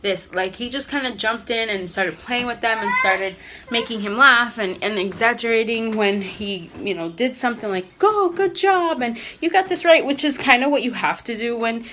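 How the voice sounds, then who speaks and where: A woman's voice: fairly high pitch, moderate pace, noisy background. A woman, a mother vlogging at home, talking candidly to the camera in a rambling way with many fillers. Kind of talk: casual talk to camera. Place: home living room.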